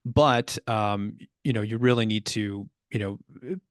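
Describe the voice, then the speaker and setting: A man's voice: on the low side, fairly even intonation, normal speed, dry recording, studio quality. A man hosting a podcast, asking thoughtful and somewhat hesitant interview questions. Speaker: podcast host.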